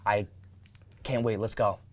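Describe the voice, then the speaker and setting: A man's voice: on the low side, steady tone, unhurried, no echo. A teenage boy chatting as a guest on a school broadcast, upbeat and rambling, talking with his mouth full. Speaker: student guest, upcoming event host. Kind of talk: casual chat interview.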